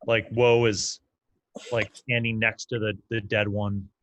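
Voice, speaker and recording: A man's voice: fairly low pitch, level tone, measured pace, a bit bright, a little hiss or hum. A man narrating as game master in a casual, loose way, with lots of fillers.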